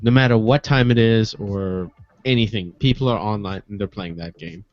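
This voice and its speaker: A man's voice: lowish voice, moderate pace, no echo. A man co-hosting a gaming podcast in casual chat, joking and teasing as he talks. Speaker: podcast co-host. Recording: dull lo-fi podcast audio.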